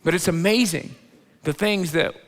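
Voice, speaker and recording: A man preaching a sermon, animated, swinging between loud emphatic lines and quiet low asides. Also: normal speed. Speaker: pastor. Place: large church auditorium. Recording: long hall reverb.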